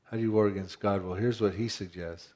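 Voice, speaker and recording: A man's voice: on the low side, steady tone, fairly quick, mellow. A man pastor preaching a conversational sermon, asking rhetorical questions and often restarting his phrases.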